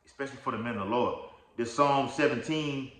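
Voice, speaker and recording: A man's voice: medium pitch, brisk, fairly bright tone, echoey room. A man giving an informal religious teaching, rambling and checking in with "okay?" and "all right?", reading verses aloud. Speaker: lay preacher.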